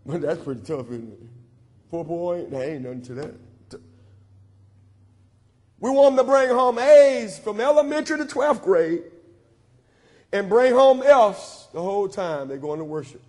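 Man, pastor, sermon, high voice, call-and-response repetition, long hall reverb. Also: lively intonation, measured pace, pauses often, a little mellow. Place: church sanctuary.

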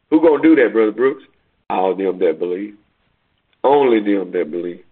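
A man a sermon, repeating his points in call-and-response style and rising to near-shouts on key lines. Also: mid-range voice, very animated, a little fast, husky. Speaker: preacher. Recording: tinny phone-like radio broadcast.

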